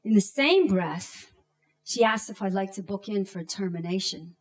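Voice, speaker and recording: A woman in her thirties from Canada, telling a personal story on stage in a slow, deliberate way with dramatic pauses and acted-out shouts. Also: medium pitch, lively intonation.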